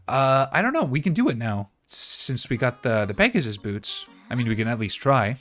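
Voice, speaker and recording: A Canadian man with a medium-pitched voice gives loose, rambling commentary as he plays, full of "like" and "uh". Faint music plays under his voice. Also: sing-song, normal speed, hardly any pauses, fairly bright tone. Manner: chatty, rambling, with many fillers. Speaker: streamer playing a game. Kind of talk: casual gameplay commentary.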